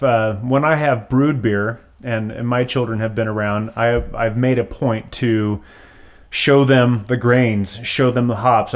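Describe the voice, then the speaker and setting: A middle-aged man hosting an interview, asking friendly, rambling questions with restarts. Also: medium pitch. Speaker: host. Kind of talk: casual interview chat.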